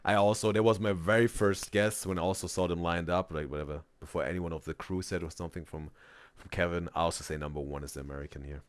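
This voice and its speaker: A man's voice: low-pitched, steady tone, fast, clear, resonant tone, no echo. A man streaming a reaction video, rambling in casual commentary and often tagging on "bro" and "right?".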